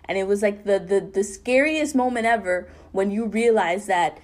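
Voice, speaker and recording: A young woman co-hosting a podcast, telling a painful personal story in an earnest, halting way full of fillers and restarts. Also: medium pitch. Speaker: podcast co-host.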